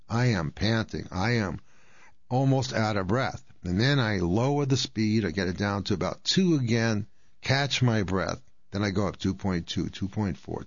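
A man's voice: on the low side, no echo, dull audio. A man in his sixties hosting a radio talk, explaining things step by step in a chatty way. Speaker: radio host. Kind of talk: casual health talk.

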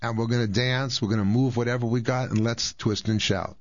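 A man's voice: mid-range voice, fairly even intonation, fairly quick, muffled recording, loud music behind the voice. A man in his sixties hosting a radio talk, explaining things step by step in a chatty way. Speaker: radio host. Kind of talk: casual health talk.

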